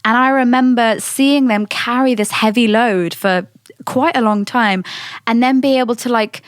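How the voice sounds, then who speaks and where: A woman, talking in a candid, animated casual monologue and swearing freely. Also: fairly high pitch, moderate pace, clean tone, no echo, studio quality. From Britain.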